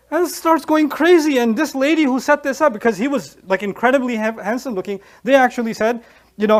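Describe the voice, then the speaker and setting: Male Islamic lecturer, animated storyteller, fast and high-voiced. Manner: animated storyteller, acts out scenes, laughs. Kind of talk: Quran lecture with retold scenes.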